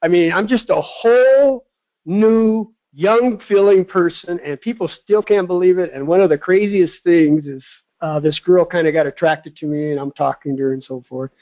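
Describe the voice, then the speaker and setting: Excited fifties man on a dull line. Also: sits high, moderate pace. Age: 50s. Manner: excited, animated storytelling. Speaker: caller giving a testimonial. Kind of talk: casual phone-in testimonial.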